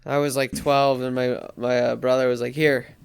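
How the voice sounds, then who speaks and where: A man's voice: mid-range voice, normal speed, vocal fry, clear, resonant tone. A man co-hosting a podcast in casual chat, reading out listener questions and laughing often. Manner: laughs often, easily excited.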